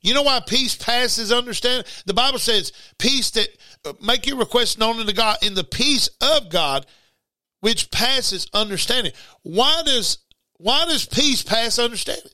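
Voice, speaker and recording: A middle-aged man, preaching an informal broadcast sermon in an animated way, repeating words and bursting into shouts. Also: very high voice, unhurried, dry recording.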